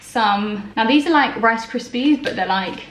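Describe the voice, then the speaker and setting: A woman's voice: a little high, measured pace, background noise. Chatty woman in an echoey kitchen. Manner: chatty and self-mocking, laughs often. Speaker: vlogger. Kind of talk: casual chat. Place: home kitchen.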